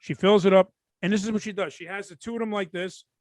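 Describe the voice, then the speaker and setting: A man's voice: high-pitched, fairly even intonation, quick pace, no room sound. A man with a Brooklyn accent, co-hosting a podcast and ranting bluntly with plenty of swearing. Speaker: podcast co-host. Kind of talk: casual chat. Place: New York.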